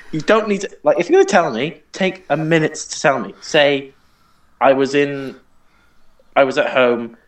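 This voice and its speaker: A man's voice: medium pitch, a bit bright, poor audio. A young man co-hosting a podcast, ranting in exasperation about pet peeves with frequent laughter. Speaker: podcast co-host. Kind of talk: casual podcast chat.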